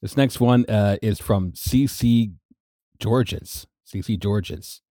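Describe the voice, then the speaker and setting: A man's voice: lowish voice, takes it slowly, dark tone, no room sound, clean studio sound. A man playing Moses, a rambling, easygoing figure on an improvised comedy podcast. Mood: laid-back. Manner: rambling, laid-back.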